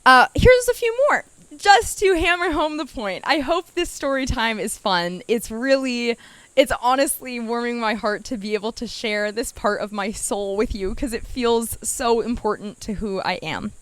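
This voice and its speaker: A young woman hosts her own show, chatting playfully through personal stories and talking right to her listeners. Her voice sits a little high. The sound is close and dry, with no room ring. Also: animated, moderate pace, a bit bright, no echo. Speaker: podcast host. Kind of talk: casual personal storytelling.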